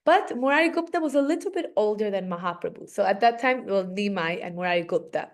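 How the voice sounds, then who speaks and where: A woman teaching children in a casual, animated storytelling manner, with many fillers. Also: medium pitch, fast talker. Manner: animated, conversational, frequent fillers.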